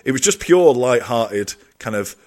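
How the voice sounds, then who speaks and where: A man's voice: mid-range voice, animated, measured pace, a little mellow. An English man co-hosting a podcast, chatting and teasing his co-host in casual banter. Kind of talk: casual chat.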